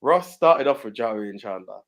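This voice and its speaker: A man's voice: medium pitch, animated, moderate pace. Playful male podcast co-host. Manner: playful, teasing banter. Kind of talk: casual podcast chat.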